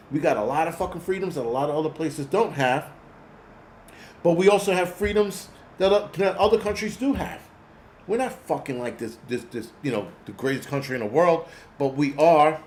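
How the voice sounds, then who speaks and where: Guy ranting and cussing on his own channel, kinda high voice, roomy echo, faint hum behind. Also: moderate pace, a little mellow. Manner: profane, blunt, angry ranting. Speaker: host. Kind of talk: ranting monologue.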